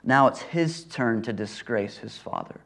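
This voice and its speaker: A man's voice: medium pitch, unhurried, creaky, a bit bright. A male preacher giving an earnest expository sermon, repeating phrases for emphasis.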